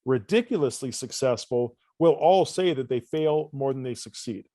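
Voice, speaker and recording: A man, a coach guest on a podcast interview, telling stories with lively, acted-out dialogue in a casual conversational way. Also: mid-range voice, moderate pace, no echo. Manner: animated storyteller, acts out dialogue.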